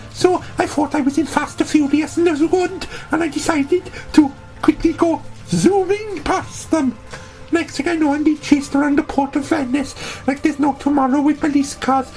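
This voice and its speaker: A woman's voice: sits high, darkish tone, low-quality recording. A woman narrating a comic audio story in character, talking in a brash, boastful, rambling way.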